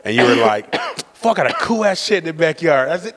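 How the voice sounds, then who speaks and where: A man co-hosting a podcast, telling family stories in quick slang and acting out his father's lines. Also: on the high side, expressive, a bit bright, long reverb tail. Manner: rapid slangy banter, acts out his dad. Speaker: podcast co-host. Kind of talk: casual storytelling chat.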